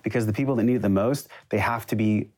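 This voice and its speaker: A man's voice: on the low side, fairly even intonation, fast, darkish tone. A man who coaches breathwork, speaking as a guest in an earnest, reflective way. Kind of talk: casual conversation.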